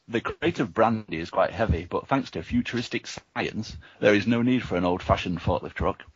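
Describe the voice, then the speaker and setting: Man reading a gamebook aloud, very deep voice, husky, dry lo-fi recording. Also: no echo. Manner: steady reading, offers choices. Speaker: reader and host.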